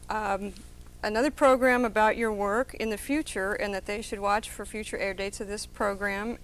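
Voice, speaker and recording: A woman's voice: mid-range voice, low-quality recording. A woman hosting a TV interview, asking short questions and closing out the program. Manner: brief prompting questions, frequent mm-hmms. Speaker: talk show host.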